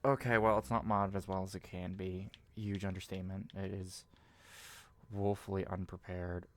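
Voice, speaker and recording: A man swearing and rambling casually as he streams a video game, reacting loudly to what happens on screen. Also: low-pitched, flat delivery, moderate pace. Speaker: gaming streamer. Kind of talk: casual gameplay commentary.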